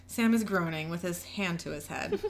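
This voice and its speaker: A woman hosting a podcast, briskly recapping an episode and reading out the characters' lines. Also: fairly low pitch, slight background noise. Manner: brisk storytelling that reads each character's lines. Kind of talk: casual recap reading out dialogue.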